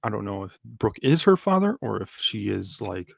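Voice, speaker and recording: A man's voice: fairly low pitch, very animated, normal speed, vocal fry, breathy edge, no echo. A man streaming a live reaction, rambling casually with lots of fillers and restarts. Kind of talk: live manga reaction commentary.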